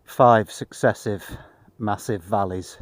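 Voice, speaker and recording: A tired man on a long cycling trip, talking outdoors in a dry, self-deprecating monotone as a casual travel vlog. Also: fairly low pitch, slow, no room sound. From Britain. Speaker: vlogger.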